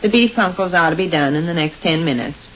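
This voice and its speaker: A woman playing a practical middle-aged housewife full of quick homey exclamations, in 1930s radio comedy style on a hissy old recording. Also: lowish voice, dull audio, lightly acted. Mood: bustling.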